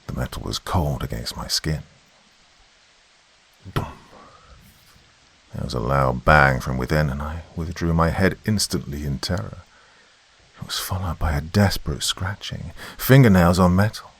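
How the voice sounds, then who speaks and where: Very low gravelly man, scripted horror narration, tense swells. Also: unhurried, long pauses.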